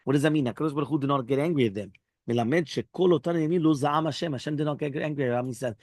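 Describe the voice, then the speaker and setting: A man's voice: racing, darkish tone, no echo. A man teaching a daily Talmud class, mixing Hebrew and Aramaic phrases into his English explanation and acting out the dialogue. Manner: acts out dialogue with raised pitch. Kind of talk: Daf Yomi Talmud class.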